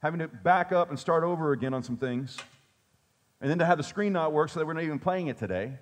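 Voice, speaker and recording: A man's voice: fairly high pitch, fast talker. A male pastor preaching a sermon in a conversational way, with joking asides to his congregation.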